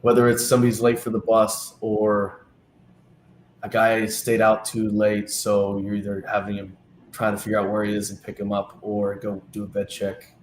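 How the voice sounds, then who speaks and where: A man's voice: lowish voice, normal speed, a little hiss or hum. A man, a team's travel director, telling stories in a casual interview and acting out the dialogue. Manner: animated anecdotes, acting out quoted dialogue. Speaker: team travel director, guest. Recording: echoey room with faint ambience.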